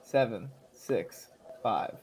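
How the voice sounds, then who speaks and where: A man chatting casually as a guest, playful and teasing, quick to laugh. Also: mid-range voice, expressive, crowd noise. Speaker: guest voice actor. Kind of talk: casual chat.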